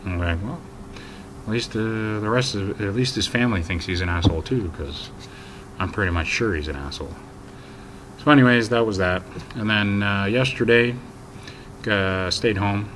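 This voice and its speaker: Male vlogger, very low voice, exasperated rambling storyteller, light hiss in the recording. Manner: rambling, exasperated, lots of ums and so anyways; gets loud and high when quoting his own yelling. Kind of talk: casual storytelling to camera.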